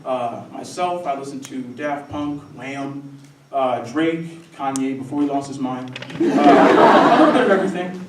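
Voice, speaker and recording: A young man performing a wry, animated comic monologue on stage. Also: mid-range voice, measured pace, background noise. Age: young adult. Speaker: student solo performer. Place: theatre stage before a live audience. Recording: roomy stage sound from a distant mic.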